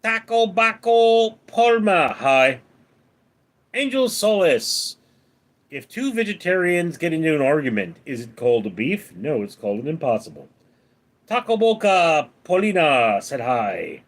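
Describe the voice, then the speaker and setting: Slow, deadpan man reading stream chat. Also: a little high. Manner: deadpan quips between read-out comments. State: up late at night. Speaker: livestream host reading chat.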